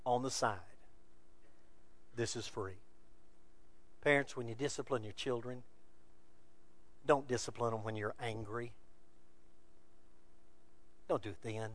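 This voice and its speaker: A man preaching a sermon from scripture, building to loud emphatic peaks and dropping to quiet asides. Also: medium pitch, takes it slowly, long pauses. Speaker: pastor.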